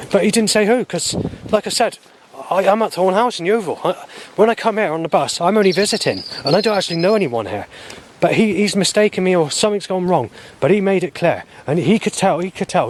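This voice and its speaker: A man's voice: high-pitched, lively intonation, fairly quick, slight background noise. A man talking to camera outdoors in a rambling video diary, hesitant, often restarting and repeating himself. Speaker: vlogger.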